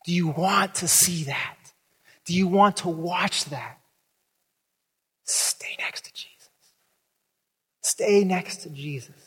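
A man preaching a sermon as pastor, animated, acting out the voices in the story with big jumps in pitch. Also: unhurried, breathy edge, big-room sound.

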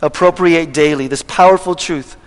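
High-voiced pastor preaching in a reverberant hall. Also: male voice, moderate pace. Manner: conversational, emphatic, asks congregation questions. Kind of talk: sermon. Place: church hall with congregation. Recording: long reverb of a church hall.

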